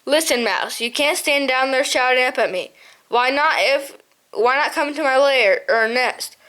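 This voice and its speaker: A woman's voice: high voice, unhurried, pushed and bright. Woman doing a pompous male owl captain. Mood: haughty. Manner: huffy, haughty, laughs at others.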